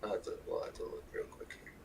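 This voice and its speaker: A man's voice: fast talker, background noise. A man streaming, casually reacting to videos, exclaiming and swearing as he goes. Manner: profane, exclaiming, joking. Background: hip hop music from a video.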